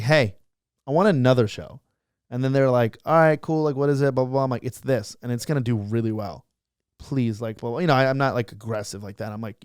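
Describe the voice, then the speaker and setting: A young man, a social media creator, telling a story as a guest in a casual interview, animated and acting out other people's lines. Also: medium pitch, clean tone, no echo, clean studio sound. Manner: fast, animated storytelling, acts out quotes.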